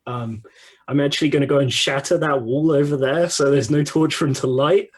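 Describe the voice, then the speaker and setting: A man's voice: on the high side, steady tone, a little fast. A man playing a tabletop game, talking casually and muttering to himself while he checks the rules. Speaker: player.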